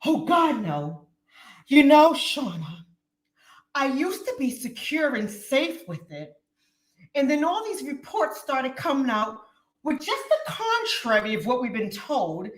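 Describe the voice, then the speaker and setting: A woman voicing a worried older woman who speaks in a slow, high, fretful, pleading way. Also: big pitch swings, heavily acted. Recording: roomy echo.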